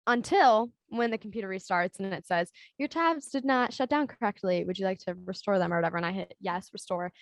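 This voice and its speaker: A woman's voice: mid-range voice, lively intonation, no room sound, clean studio sound. A young adult woman telling a long story in casual chat as a podcast co-host, rambling with lots of "like" and "um". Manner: rambling storytelling full of "like" and "um", quick laughs.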